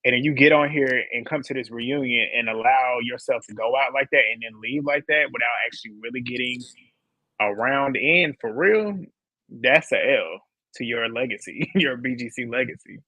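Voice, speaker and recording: Male host, bright and forceful voice, dry close mic, blunt chatty recap, laughs a lot. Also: medium pitch, normal speed, no room sound, rough recording. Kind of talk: casual live reality show recap.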